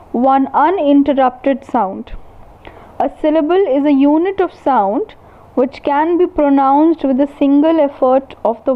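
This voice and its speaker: A woman university lecturer giving a recorded lecture, slowly and deliberately defining terms one by one. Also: sits high. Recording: tinny phone-like sound.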